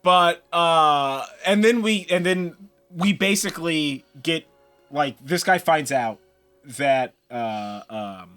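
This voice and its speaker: A young man with a high, bright voice co-hosts a casual review chat. He talks fast and loosely, laughing often and acting out lines. His tone is light and upbeat. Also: smooth, soft background music. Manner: quick, laughing, acts out quotes. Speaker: podcast co-host.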